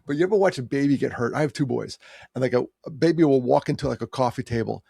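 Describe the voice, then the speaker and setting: A man in his sixties tells a personal story, heartfelt and conversational, pushing certain words with rising emphasis. His voice is gravelly with a husky edge, and the recording is dry and close. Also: medium pitch, quick pace, mellow, no echo. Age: 60s. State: tearing up.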